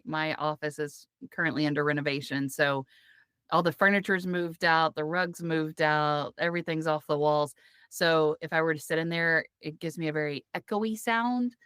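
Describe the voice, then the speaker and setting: A woman co-hosting a casual podcast from a clothes closet, chatty and quick to laugh. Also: deep voice, a bit bright, clean tone, no echo, clean studio sound. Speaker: podcast co-host. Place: walk-in closet among hanging clothes.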